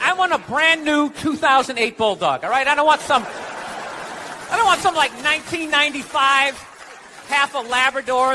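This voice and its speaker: A man's voice: very high voice, sharp tone. A man doing a sarcastic, swearing stand-up comedy set in a club. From United States. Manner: sarcastic, ranting, swears often. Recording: live club with crowd laughing and room noise.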